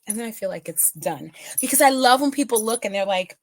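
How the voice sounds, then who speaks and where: A woman's voice: fairly high pitch, lively intonation, fairly quick, no echo. A middle-aged woman giving a casual makeup tutorial, chatting with viewers and often checking in with them. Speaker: makeup consultant.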